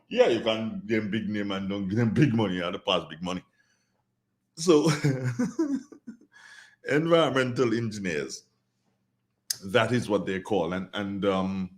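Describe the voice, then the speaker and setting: A man's voice: fairly low pitch, fairly bright tone. A man with a Grenadian accent hosting a radio talk show, commenting earnestly and repeating phrases for emphasis. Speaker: radio host.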